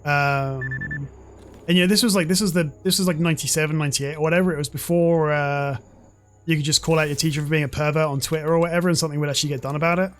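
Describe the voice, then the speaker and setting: A man's voice: fairly high pitch, steady tone, fast. Foul-mouthed rambling male streamer. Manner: rambling and profane, swears freely. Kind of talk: casual chat while gaming.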